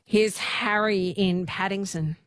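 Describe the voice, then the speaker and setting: A woman hosting a call-in radio quiz, friendly and quick to laugh, slowing down to read questions. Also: mid-range voice, fairly even intonation, fairly bright tone, dry recording. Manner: friendly, laughs easily, reads questions slowly. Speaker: radio host.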